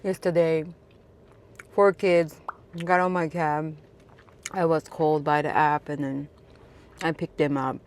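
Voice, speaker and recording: Woman from Japan, native Japanese speaker, low voice, slow, halting speech with fillers. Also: steady tone, a little hiss or hum. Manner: halting, many restarts and fillers. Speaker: cab driver. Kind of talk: casual storytelling to camera.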